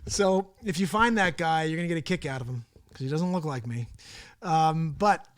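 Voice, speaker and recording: A man's voice: fairly high pitch, normal speed. Chatty man hosting a live stream. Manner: rambling, chatty, chuckles often. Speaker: host of a daily live talk show. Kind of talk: casual live-stream chat.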